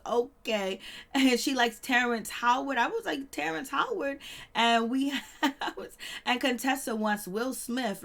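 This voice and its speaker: A woman with talks through a reality TV episode in a loose, chatty way. She laughs a lot and slips into lively voices when quoting people. Her voice sits in a middle pitch. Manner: chatty, laughing, acts out quotes in animated voices. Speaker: reality TV recap host. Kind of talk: casual recap commentary.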